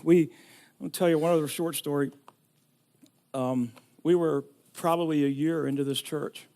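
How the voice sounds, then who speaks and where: Middle-aged male pastor, a bit high-pitched, animated sermon storyteller. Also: normal speed. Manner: storytelling, rising to shouting in emotional retelling.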